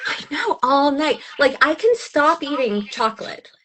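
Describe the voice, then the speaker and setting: A woman's voice: high voice, a little slow, a little hiss or hum. Laughing, gushing woman in her thirties. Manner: animated, laughs often, gushing. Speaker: audiobook narrator, guest. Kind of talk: casual chat.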